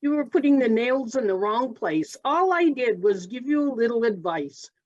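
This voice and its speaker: A woman's voice: on the high side, expressive, normal speed, darkish tone, dull audio. A woman voicing a firm, bossy volunteer supervisor, reading a role-play script aloud over a video call. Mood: curt.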